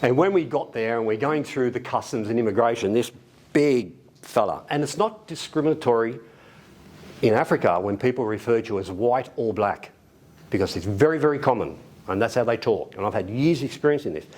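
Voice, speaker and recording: An Australian man in middle age tells a story in a relaxed, chatty way. His voice sits in a middle register, and he livens it with quick shifts as he voices other people. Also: medium pitch. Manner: animated, acts out quoted voices, laughs often. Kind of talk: casual anecdote telling. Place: library event room.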